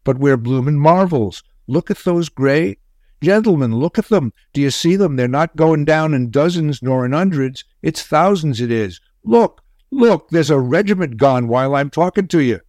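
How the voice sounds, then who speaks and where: A man voicing an excitable common soldier in a trench, bellowing in amazement, his pitch jumping high. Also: moderate pace, dry recording, studio quality, natural voice. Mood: amazed.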